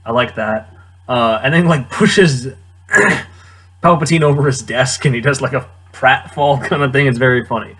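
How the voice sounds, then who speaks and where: Young guy rambling about a movie, kinda husky, laughs a lot, very casual. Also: medium pitch, moderate pace, fairly bright tone. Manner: rambling, wry, chuckling often. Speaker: film reviewer.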